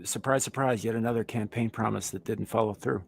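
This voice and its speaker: Calm gravelly low-voiced man. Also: brisk, heavy background noise. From United States. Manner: calm, laid-back. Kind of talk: casual chat.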